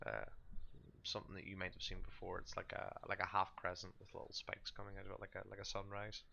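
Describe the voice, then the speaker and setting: A man's voice: low voice, monotone, quick pace, gravelly, bright, forceful tone, highs cut off, a little hiss or hum. A man narrating a tabletop horror game as game master, describing scenes with frequent restarts and fillers.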